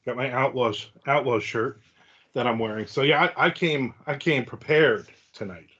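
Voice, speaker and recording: A man's voice: medium pitch, moderate pace, a bit bright, husky. A middle-aged man with a New Jersey accent hosting a casual podcast chat, rambling and teasing his co-host. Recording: dull lo-fi sound.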